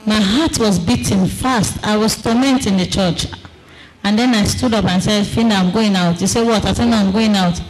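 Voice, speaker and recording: A woman giving a personal testimony to a congregation in an earnest, storytelling way, acting out the quoted dialogue and slowing down for emphasis. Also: mid-range voice, a little hiss or hum, poor audio. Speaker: testifying church member.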